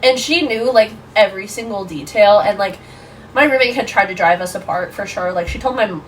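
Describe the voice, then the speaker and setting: A woman in her twenties, a podcast guest, telling a story in a casual, animated way, full of "like". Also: medium pitch, brisk, far from the mic, slight background noise, low-quality recording. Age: 20s. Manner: animated, lots of fillers like "like".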